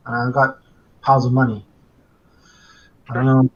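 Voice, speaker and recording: Male tabletop player, hesitant, thinks out loud, dull lo-fi mic. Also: medium pitch, monotone, normal speed. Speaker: game player. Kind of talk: casual play talk.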